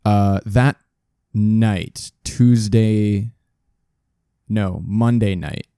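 A man with a fairly low, mellow voice tells a story in a loose, rambling way, cursing often and doubling back to fix details. He is close on a studio desk mic with a dry, dead sound. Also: fairly even intonation, extremely slow, clean tone, dry recording. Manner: rambling, profane, self-correcting. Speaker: podcast host telling a story. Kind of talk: casual storytelling chat.

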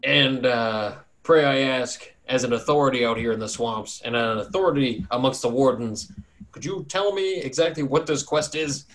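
A man doing a gruff bearded swamp warden. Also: medium pitch, moderate pace, fairly bright tone, natural voice. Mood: wary. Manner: standoffish, blunt, folksy.

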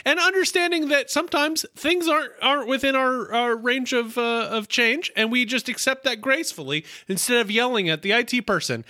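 Give me a man co-hosting a podcast, dry close sound, very bright and animated, joking around. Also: extremely high pitch, a little fast, few pauses, no echo. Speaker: podcast co-host. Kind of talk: casual podcast chat.

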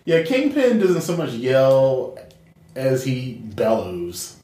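A man's voice: medium pitch, animated, takes it slowly, dark tone. A man co-hosting a casual podcast chat, hesitant and thinking aloud. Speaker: podcast co-host. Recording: echoey room.

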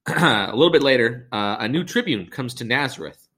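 A man's voice: mid-range voice, expressive, normal speed, fairly bright tone, breathy edge. A man hosting a podcast, retelling a film in a rambling, sarcastic and profane way. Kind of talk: comedic film recap.

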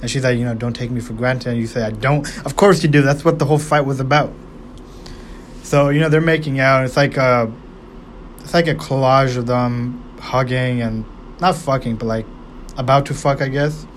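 A man's voice: mid-range voice, steady tone, moderate pace, slight background noise. Rambling, swearing man breaking down a movie. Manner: rambling, profane, with many fillers and restarts. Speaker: movie reviewer.

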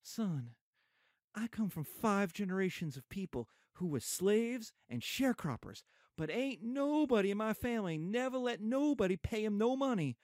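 A man reading the part of a dignified older Black mother in a solemn, measured voice. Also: high-pitched, animated, darkish tone, no echo, clean studio sound, pitched above the performer's own voice.

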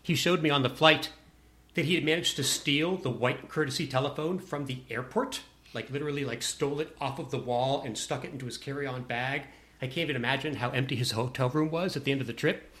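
A man's voice: medium pitch, fairly quick, a bit bright. A man telling a personal anecdote to a listener in a wry, self-deprecating way.

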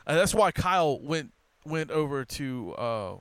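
A man's voice: on the high side, big pitch swings, a little slow, fairly bright tone, clear, resonant tone, dry recording. A man hosting a podcast from New Orleans, chatting casually and swearing freely with lots of fillers. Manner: laid-back, swears freely, many fillers. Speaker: podcast host.

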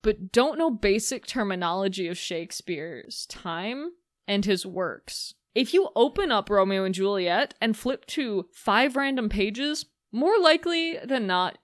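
Woman co-host, sarcastic commentator, very animated delivery. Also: mid-range voice, measured pace, no echo, studio quality. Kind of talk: casual film commentary chat.

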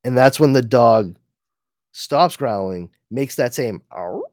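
A man's voice: mid-range voice, animated, slow pace, a little mellow, dry recording, studio quality. A man co-hosting a podcast, recapping a comic book in a casual, laughing way with many fillers. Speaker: podcast co-host.

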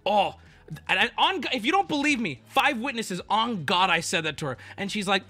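Animated swearing man telling a story. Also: high voice, normal speed, faint music behind. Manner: animated, swearing, mock voices and sudden outbursts. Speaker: streamer. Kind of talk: ranting storytime.

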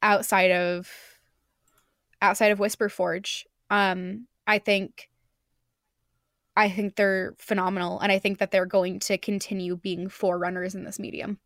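A woman's voice: medium pitch, flat delivery, measured pace, a bit bright, dry recording, studio quality. A woman hosting a casual podcast chat, enthusiastic, often restarting her sentences. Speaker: podcast host.

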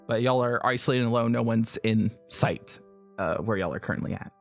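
A man's voice: medium pitch, a little fast, faint music behind. A man narrating a tabletop game as game master, rambling with many fillers. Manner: rambling, full of fillers and laughs.

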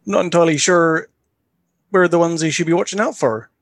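A man voicing an earnest, humble young man who speaks politely and sincerely, in a voice pitched above his own. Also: brisk, dry recording. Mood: determined.

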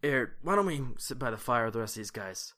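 A man voicing a young male soldier lieutenant, an easygoing leader who talks in a relaxed, friendly way. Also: mid-range voice, a little fast.

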